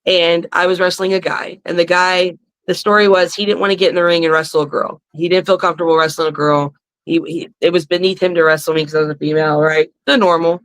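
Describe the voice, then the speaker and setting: A woman who is a professional wrestler, a guest on a podcast, telling lively stories and cursing freely. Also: on the low side, fast talker, poor audio. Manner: animated storyteller who curses freely. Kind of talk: casual podcast chat.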